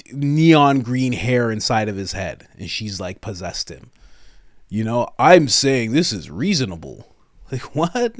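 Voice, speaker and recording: A man's voice: medium pitch, dry recording, clean studio sound. A man hosting a podcast, giving opinionated commentary in a casual, incredulous way, dropping words like "man" and "bro" and laughing between points. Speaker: podcast host.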